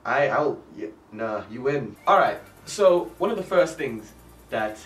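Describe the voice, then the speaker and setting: A man's voice: medium pitch, animated, measured pace. A young man from Africa, rambling through a comedic vlog rant full of "like" and asides. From South Africa. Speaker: vlogger. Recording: roomy sound from a distance. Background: faint music.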